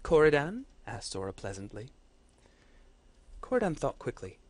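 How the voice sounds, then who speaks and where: A man, a course instructor, reading a fantasy story aloud in a measured, dramatic way. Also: medium pitch, expressive, no room sound.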